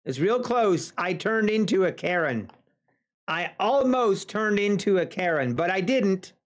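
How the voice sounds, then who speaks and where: A man's voice: high voice, lively intonation, unhurried. A man telling a casual story to viewers of his live trading stream, chatty, with folksy asides. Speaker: futures trader streaming live. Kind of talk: casual anecdote on a livestream.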